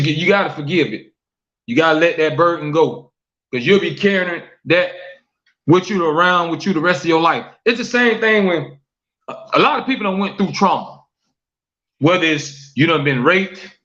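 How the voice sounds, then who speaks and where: A man's voice: a little high, fairly bright tone, lo-fi sound. A man hosting a live-streamed talk show, repeating questions to his viewers, reading their comments aloud and preaching about forgiveness.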